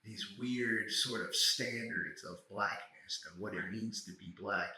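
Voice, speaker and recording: A man hosting a podcast, a doctoral student, talking in a reflective, measured way with some slang. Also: fairly low pitch, pushed and bright. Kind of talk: casual conversation. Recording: echoey room.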